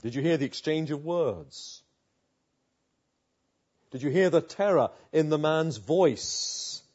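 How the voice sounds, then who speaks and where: A man's voice: a little high, a little mellow, lo-fi sound. A man preaching a sermon, building vivid pictures through repeated rhetorical questions.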